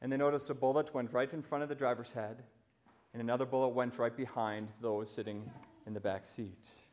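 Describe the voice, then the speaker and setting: A man preaching a sermon as a visiting pastor, telling stories and slowing down to stress key lines. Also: mid-range voice, steady tone, a little mellow. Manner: storytelling, slowing right down for emphasis.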